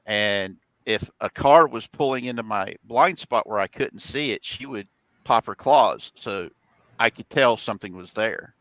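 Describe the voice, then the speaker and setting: A middle-aged man chatting on a home live stream, his voice bright and forward. The sound is dry and close, with no room echo. He wanders through long stories and breaks into laughter often. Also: on the low side, a little slow. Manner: rambling storyteller, laughs often. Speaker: host, father. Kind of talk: casual chat on a test live stream.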